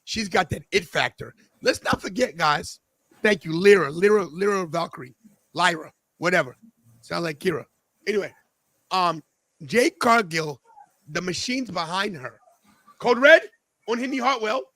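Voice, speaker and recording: Young man, podcast host, high pitch, excitable casual chat, dry close sound. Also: a little slow, long pauses, no room sound. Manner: excitable, animated reactions. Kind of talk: casual live watch-along chat.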